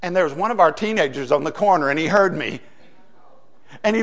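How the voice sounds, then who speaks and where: A middle-aged man preaching a sermon as pastor, folksy, swinging from hushed asides to loud emphasis. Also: sits high, expressive, quick pace, long pauses.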